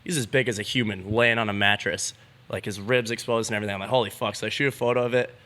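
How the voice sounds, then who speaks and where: A young man with a low-ish, bright, forceful voice spins a story as a podcast guest. He sounds laid-back and casual, swears freely and fills his talk with "like". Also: steady tone, fast. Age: young adult. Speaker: BMX rider, podcast guest.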